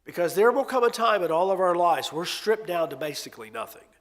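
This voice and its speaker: A man preaching a sermon in an expressive, conversational storytelling way with emphatic swings. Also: sits high, brisk. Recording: long hall reverb.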